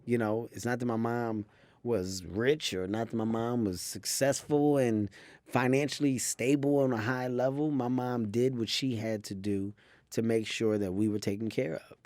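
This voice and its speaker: A man in his thirties telling stories in an animated, quick way as a comedian guest. His voice sits mid-range and sounds dry and close on a studio microphone. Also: mid-range voice, no echo. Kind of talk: interview storytelling.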